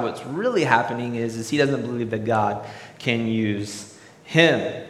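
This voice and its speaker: Casual, animated male preacher; roomy, long-reverb hall sound. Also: medium pitch, measured pace. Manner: animated, acts out voices in examples. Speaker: pastor. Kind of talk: sermon.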